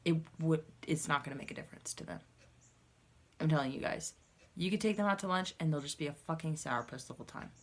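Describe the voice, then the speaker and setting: Low-voiced blunt woman tarot reader. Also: fast. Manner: blunt, swears freely, chatty asides. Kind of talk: casual tarot reading to camera.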